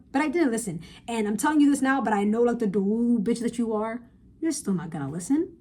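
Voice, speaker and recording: Young woman ranting straight to her phone cam, blunt and swears a lot, kinda husky mellow voice, pitched a bit high. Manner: blunt, emphatic, profane advice to viewers. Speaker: vlogger. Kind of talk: casual podcast-style rant. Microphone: phone camera.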